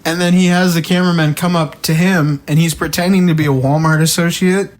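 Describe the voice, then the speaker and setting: Casual podcast host retelling videos. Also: male voice, a little high, a little fast. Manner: animated storytelling, acting out quotes. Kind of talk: casual chat.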